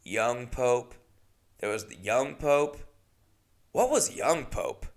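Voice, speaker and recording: A man's voice: medium pitch, big pitch swings, slow, vocal fry. A man hosting a solo podcast, rambling casually with chatty, self-mocking asides. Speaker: podcast host.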